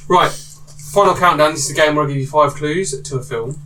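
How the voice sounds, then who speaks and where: A man's voice: fairly high pitch, a little fast, sharp tone. A man hosting a podcast quiz, teasing the players and swearing casually. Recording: distant mic with clear background noise.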